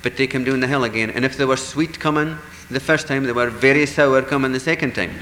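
Guy spinning an old fairy tale, bright forceful voice, bit of faint background hum. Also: mid-range voice, quick pace, roomy sound, in a large hall, low-quality recording. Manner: lively, animated, voices characters in dialogue. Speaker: storyteller. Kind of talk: traditional folk tale telling.

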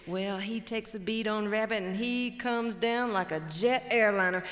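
A woman's voice: medium pitch, moderate pace, few pauses. Woman, Cajun accent, live storyteller and emcee, folksy, stage microphone, long hall reverb. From Cajun Louisiana. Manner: lively, folksy, warmly engaging the audience.

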